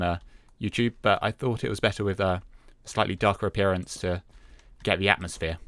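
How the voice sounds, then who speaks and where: Clean studio sound and a dry recording carry a man's fairly low voice. He's hosting a Minecraft let's-play in a relaxed, self-talking way, casually describing his moves with many hesitant fillers, just easygoing gameplay commentary.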